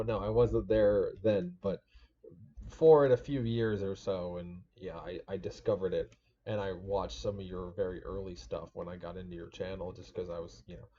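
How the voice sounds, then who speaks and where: A man's voice: low-pitched, mellow. A young man in his twenties hosting a casual podcast chat, laid-back and agreeable, swearing casually. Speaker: podcast host. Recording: dull lo-fi sound.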